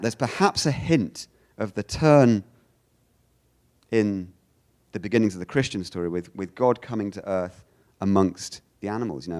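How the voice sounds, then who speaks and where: Uk guy giving a talk, low voice, swings his pitch all over, restarts a lot. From United Kingdom. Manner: animated, restarts often, acts out quoted lines. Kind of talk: lecture.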